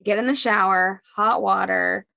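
A young woman on a chatty talk show telling a long personal story, animated and acting out the voices of the people in it. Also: medium pitch, normal speed, creaky, no room sound. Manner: animated storyteller, acts out quotes in raised voices. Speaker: podcast co-host. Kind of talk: casual chat, storytelling.

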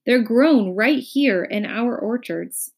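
A woman voicing an impatient, pompous male royal minister in a storybook reading, with loud, formal declaiming. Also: fairly high pitch, lively intonation, slow, slightly rough, voice pushed up, full character voice.

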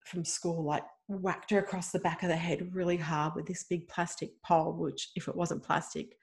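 A middle-aged woman, a guest telling a personal story in an emotional, animated way with many fillers. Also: on the low side, moderate pace, gravelly.

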